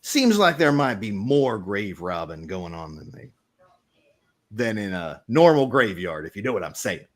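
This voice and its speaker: As game master in a tabletop role-play, a man voices a rambling, conspiratorial reporter, a gossipy middle-aged man at a small-town newspaper, in a confiding mood. His fairly low voice swings widely in pitch at a measured pace.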